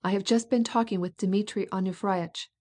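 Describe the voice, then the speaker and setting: A woman's voice: medium pitch, fairly even intonation, moderate pace, a little mellow, close to an everyday voice. Woman reading as an impatient scheming prince. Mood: impatient, coaxing. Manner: impatient, coaxing, insistent.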